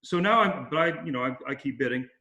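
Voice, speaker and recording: A man's voice: fairly high pitch, lively intonation, fast talker, sharp tone, highs cut off. Man telling stories in a roomy room. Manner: rambling anecdotes with frequent fillers and restarts. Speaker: interview guest. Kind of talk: casual storytelling.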